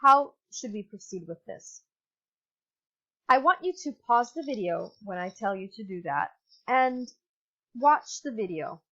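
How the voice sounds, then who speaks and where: A woman's voice: a little high, lively intonation, a little slow, long pauses, pushed and bright. A woman with an Italian accent giving a recorded online English lesson, patient and instructive, with fillers and self-corrections. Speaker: English teacher. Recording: dull lo-fi computer mic.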